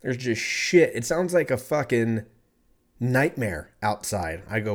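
A man in his thirties tells a story to the camera in a loose, rambling way. He swears freely, pokes fun at himself and keeps an easygoing tone throughout, his voice sitting at an ordinary middle pitch. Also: lively intonation, takes it slowly. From California. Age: 30s. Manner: rambling, profane, laid-back, self-mocking. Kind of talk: casual storytelling monologue.

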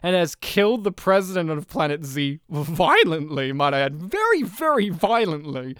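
A woman with a voice on the low side co-hosts a casual movie review podcast, moving at a moderate pace. She laughs often as she retells the film, imitating the characters in animated storytelling, on a dry recording.

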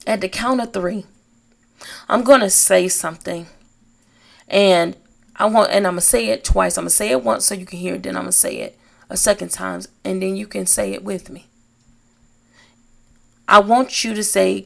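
Woman giving an uplifting faith talk, slow n gravelly, leans on words. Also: medium pitch. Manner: slow, emphatic and encouraging. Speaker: podcast host.

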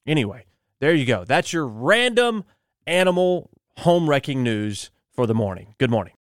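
A man's voice: mid-range voice, very animated, moderate pace, dry recording, studio quality. A man hosting a morning show podcast, talking casually and joking through loose asides. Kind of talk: casual solo podcast talk.

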